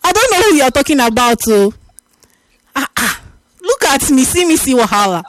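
A woman's voice: sits high, big pitch swings, normal speed, dry recording. A woman hosting a radio prank call, teasing and exclamatory with sing-song repetitions. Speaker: radio host. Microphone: studio microphone.

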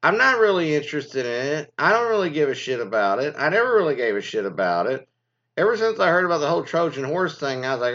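Rambling, profane man with lively pitch. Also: fast. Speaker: commentary host. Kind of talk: ranting casual commentary. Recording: dull lo-fi sound.

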